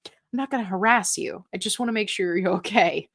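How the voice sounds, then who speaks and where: A woman hosts a live stream, answering viewer questions in a casual, chatty way. Her voice sits in the middle range, and she keeps things upbeat with quick fillers and playful asides. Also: medium pitch, fairly bright tone.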